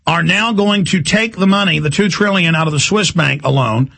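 A man hosting a radio show, delivering a fast, heated, rambling monologue in a gravelly, husky voice. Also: a little high, fairly bright tone. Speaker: talk radio host.

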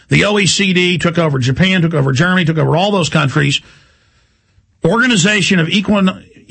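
A male talk radio host rattles through a heated, rambling monologue. His voice is gravelly and husky and sits somewhat high for a man. He talks fast and keeps pushing ahead. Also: a bit bright.

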